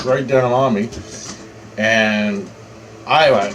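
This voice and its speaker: A man's voice: mid-range voice, slow, background noise. Rambling man telling a story. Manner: rambling, repetitive, profane. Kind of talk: casual first-person storytelling.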